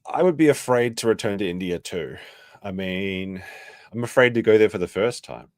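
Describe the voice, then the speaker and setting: A man's voice: on the low side, normal speed, dry recording, clean studio sound. A man streaming casual reaction commentary, reading news aloud and adding sarcastic, rambling asides.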